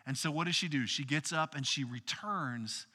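A man preaching a casual, animated sermon, retelling a Bible story in everyday words. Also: on the high side, moderate pace, slightly rough, in a large hall. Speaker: pastor.

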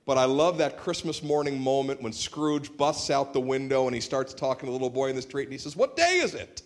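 A man's voice: mid-range voice, level tone, a little fast, darkish tone. A man preaching a sermon in a church, conversational and humorous, telling stories on a shared microphone. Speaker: pastor. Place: church sanctuary.

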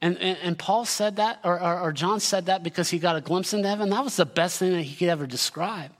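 High, bright-voiced preacher in an echoing hall. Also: male voice, quick pace. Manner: energetic and emphatic, building to shouted lists. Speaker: pastor. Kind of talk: sermon.

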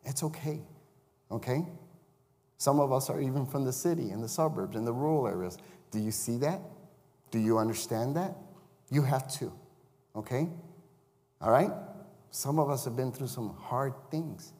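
A man's voice: mid-range voice, moderate pace, long pauses, darkish tone. Male chaplain-preacher, mid-range voice, chatty sermon delivery, recorded in a church sanctuary with a long echo. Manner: conversational, asks the congregation questions.

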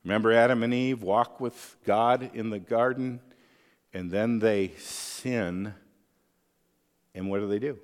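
A man's voice: lowish voice, fairly even intonation, a little slow, long pauses, big-room sound. A man preaching a sermon as pastor, conversational, often checking in with the listeners with tag questions.

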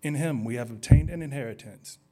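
Man reading scripture, steady and measured. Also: mid-range voice. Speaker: scripture reader.

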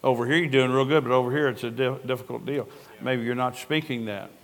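A man's voice: medium pitch, fairly even intonation, quick pace, a bit bright. Older male pastor, conversational sermon, earnest storyteller, church hall with long echo. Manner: earnest storytelling, conversational preaching with quoted dialogue. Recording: long reverb of a large hall.

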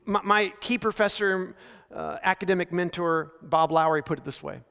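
A male pastor preaching a sermon in a relaxed, storytelling way, slowing down to stress key phrases. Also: high voice, creaky, smooth. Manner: conversational storytelling preaching with frequent slowdowns for emphasis. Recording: long reverb of a large hall.

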